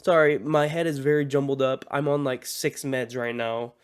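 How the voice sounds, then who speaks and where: A man's voice: mid-range voice, flat delivery, moderate pace, smooth. A man reacting in a casual vlog, sounding groggy and sick, rambling, apologizing and joking. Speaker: YouTube reactor.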